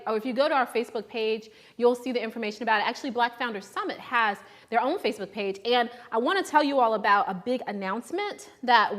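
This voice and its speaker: A young adult woman hosting a live shopping show, chatting casually and upbeat, often restarting her sentences. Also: on the high side.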